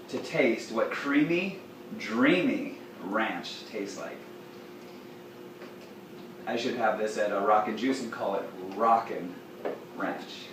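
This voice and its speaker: A man hosting a raw food cooking show, talking playfully and warmly and chatting to his cat as he prepares a dish in a home kitchen. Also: medium pitch, a little hiss or hum. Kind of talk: casual cooking demonstration. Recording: very echoey room, distant mic, faint ambience.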